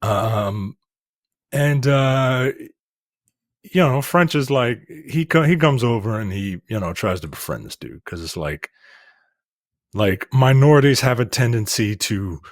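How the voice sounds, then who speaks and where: A man's voice: medium pitch, no room sound, studio quality. Blunt, rambling man talking movies. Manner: blunt, profane, rambling with fillers. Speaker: podcast co-host. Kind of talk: casual film review chat.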